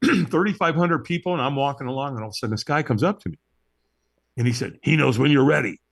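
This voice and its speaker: A man being interviewed on a podcast tells a story with great animation. His pitch swings widely as he acts out each moment, and he keeps checking in with his listener. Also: lively intonation, fast, a bit bright. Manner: checks in with tag questions like "right?". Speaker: interview guest.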